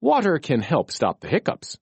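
A reader voicing a kind, helpful bird in a children's storybook, speaking calmly. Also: mid-range voice, normal speed, creaky, breathy edge, no echo, exaggerated voice. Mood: caring.

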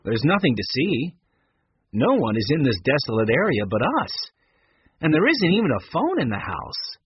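A man voicing a calm, teasing teenage boy, the oldest brother. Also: medium pitch, normal speed, dull audio, a little hiss or hum. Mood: easygoing. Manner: easygoing, teasing.

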